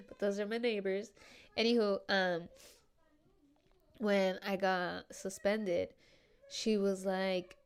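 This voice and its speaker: Woman, podcast host, casual confessional chat, slangy, swears a lot, smooth clear voice. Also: mid-range voice, little pitch movement, measured pace, long pauses. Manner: loose, slangy, swears freely, says "dude" often, laughs often.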